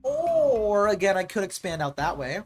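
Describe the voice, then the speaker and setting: A man's voice: sits high, sing-song, moderate pace, faint music behind. A young man streaming a game, chatting casually and rambling, often saying "like" and ranting when annoyed. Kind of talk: casual live-stream chat while gaming.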